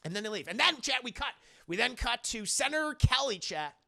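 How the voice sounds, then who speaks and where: Gravelly, bright-voiced streamer man. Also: very high-pitched, sing-song, fairly quick. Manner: profane, rambling, keeps addressing chat. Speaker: streamer reviewing a film. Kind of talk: casual live-stream film recap.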